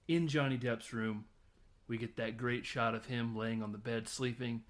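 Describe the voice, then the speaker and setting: A man in easygoing podcast chat walks through a movie scene by scene. He talks at an ordinary, mid-range pitch, laughing often and dropping the odd swear word as he tells it. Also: normal speed. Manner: lively storytelling, laughs often, swears casually. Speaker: podcast host. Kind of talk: casual movie recap chat.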